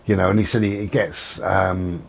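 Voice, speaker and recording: Speaking from home with the door and window left open, a middle-aged man vlogs about his day in a loose, relaxed chat full of ums. His voice is low and gravelly at a moderate pace, and a faint hiss or hum sits under it.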